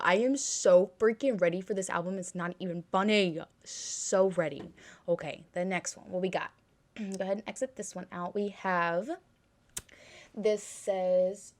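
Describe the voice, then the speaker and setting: A woman's voice: fairly low pitch, fairly even intonation, moderate pace, a little mellow. A woman hosting a music reaction video at home, gushing with frequent exclamations and talking to herself as she watches.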